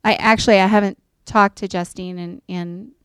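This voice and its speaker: A middle-aged woman speaks earnestly to a gathered group, recounting a counseling story. Her voice is smooth and resonant, recorded dry and close. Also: mid-range voice, fairly even intonation, moderate pace, fairly bright tone, no room sound. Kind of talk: faith-based talk to an audience.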